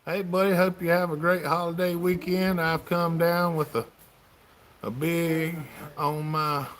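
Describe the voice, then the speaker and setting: A man's voice: a little high, fairly even intonation, unhurried, fairly bright tone. A man with a Southern US accent hosting a casual livestream, reading out viewer comments in a folksy, drawling way. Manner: folksy, drawling, reads chat aloud. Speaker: livestream host.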